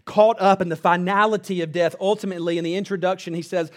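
A pastor delivering a sermon from the pulpit, a man with a fairly high voice. He preaches earnestly and now and then sinks to a low, hushed emphasis on key words. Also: steady tone, fast, few pauses.

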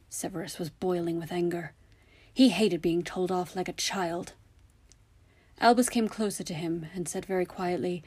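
Woman, story narrator, steady reading, breathy tone, lowish pitch. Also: normal speed.

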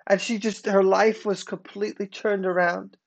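A man preaching a sermon, emphatic, swinging between loud declarations and hushed, slowed passages. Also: high voice, flat delivery, vocal fry.

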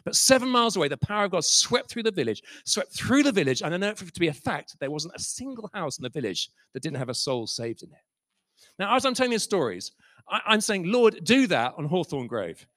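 A man preaching a sermon, telling stories with passion and swinging from soft to loud. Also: high-pitched, big pitch swings, fairly quick, no echo. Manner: impassioned, swings from soft to loud, acts out quoted voices. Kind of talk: sermon storytelling.

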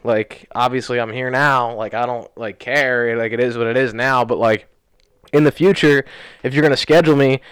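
Speaking fast into a studio podcast mic, a young male podcast co-host rambles through a story, filling it with "like" as he animatedly relays it in casual chat. The recording is dry, and his mid-range voice sounds clean.

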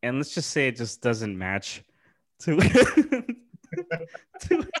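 A male podcast host reacting to a documentary in casual chat, with a mid-pitched voice. He gets excitable, laughs a lot and swears freely. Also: very slow.

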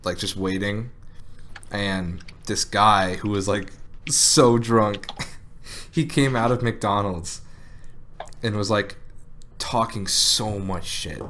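A man's voice: on the low side, fairly even intonation, slow pace, long pauses, a bit bright, a little hiss or hum. A man co-hosting a podcast, telling a story in casual chat, laughing often and saying "like" a lot. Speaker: podcast co-host.

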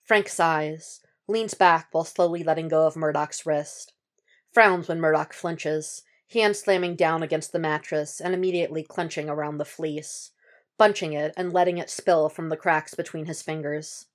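A woman narrates a fan-fiction story in a steady, measured way. Her voice sits low for a woman, calm and even through the descriptive passages. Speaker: podfic reader. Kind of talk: audiobook reading of fan fiction.

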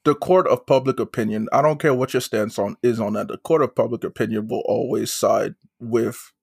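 Man, co-host, casual chat, animated, dry close sound. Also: medium pitch, normal speed, creaky, breathy edge, no room sound. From United States. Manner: animated, mimics voices in retelling. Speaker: podcast co-host.

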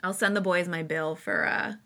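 A young woman co-hosting a podcast, playful and chatty as she jokes with her friend. Her voice sits fairly low but sounds bright and sharp. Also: fairly even intonation, normal speed. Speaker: podcast co-host. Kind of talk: casual chat.

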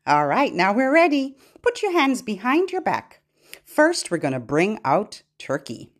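Singing nursery rhymes and fingerplays on her baby podcast, this woman sounds playful and sing-song. Her voice sits a little high and swoops wildly, and her pace is a little slow as she offers parents soft guidance.

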